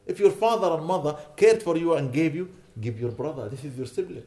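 A man's voice: fairly high pitch, expressive, brisk, darkish tone. A man giving an earnest sermon, pleading with his listeners and rising to indignant emphasis. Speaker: imam.

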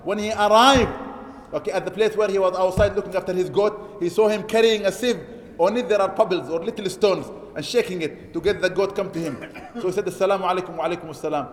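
A high-pitched man preaches quickly and emphatically, reciting Arabic quotes and then explaining them. His voice carries a long, echoing reverb, the sound of a mosque hall. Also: steady tone. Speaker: imam preaching an Eid sermon. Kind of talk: sermon. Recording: echoey hall.

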